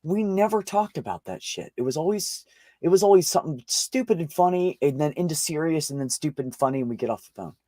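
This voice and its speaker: A man's voice: fairly high pitch, expressive, fast, mellow, no echo, clean studio sound. A man in casual conversation, telling a long personal story with frequent swearing and restarts. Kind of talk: casual chat.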